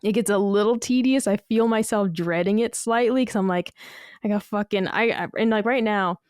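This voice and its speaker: A woman's voice: mid-range voice, moderate pace, darkish tone, clean tone, no room sound, studio quality. A woman co-hosting a casual gaming podcast, rambling with many fillers and casual swearing. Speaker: podcast co-host.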